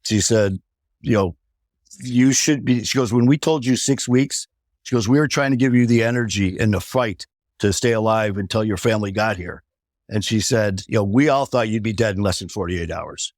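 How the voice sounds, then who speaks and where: Low-voiced man telling a dramatic story. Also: moderate pace, no echo, clean studio sound. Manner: animated storyteller acting out quoted dialogue. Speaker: podcast guest. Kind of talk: personal recovery story in an interview.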